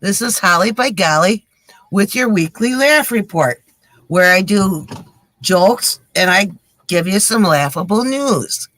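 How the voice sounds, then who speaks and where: A woman's voice: mid-range voice, expressive, unhurried, fairly bright tone. A woman hosting her weekly joke segment on a live stream, chatting and greeting viewers by name. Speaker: comedy show host. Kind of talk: casual live-stream chat.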